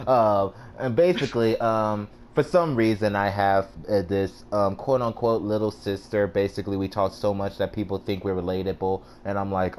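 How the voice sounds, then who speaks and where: A man's voice: fairly low pitch, fairly even intonation, moderate pace, few pauses, a little mellow, a little hiss or hum. A man hosting a casual chat, who tells stories and laughs often. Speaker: host.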